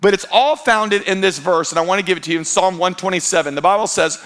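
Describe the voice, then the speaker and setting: A man, preaching a sermon and telling lively stories with acted-out quotes. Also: high-pitched, brisk. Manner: animated storytelling with quoted voices. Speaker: pastor.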